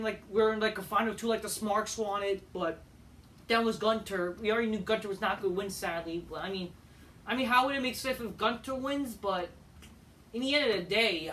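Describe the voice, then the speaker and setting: A woman's voice: fairly high pitch, sharp tone, far from the mic. A woman giving a heated, profane ranting review as a wrestling show host.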